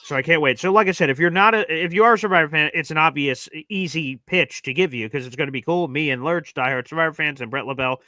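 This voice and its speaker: A man co-hosts a live sports talk stream with a bright, forceful voice pitched a bit high. He talks in an energetic, promotional way. The sound is dry and close. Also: quick pace, few pauses, dry recording. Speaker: sports show co-host.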